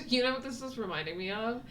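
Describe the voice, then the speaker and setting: A woman's voice: on the high side, animated, a little fast, fairly bright tone, slight background noise. A woman co-hosting a video game let's-play, chatting casually, laughing often and stopping to explain things. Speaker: co-host playing a video game.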